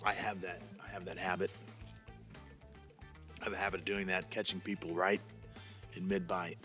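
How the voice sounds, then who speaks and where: A man's voice: low-pitched, flat delivery, moderate pace, sharp tone, faint music behind. A male podcast host, chatting casually and rambling with frequent restarts. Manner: rambling, repeats words and restarts. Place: studio lounge.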